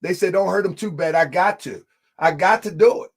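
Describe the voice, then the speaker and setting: A man in a heated live debate, speaking emphatically, often shouting, repeating lines for effect and calling the audience family. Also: sits high, brisk.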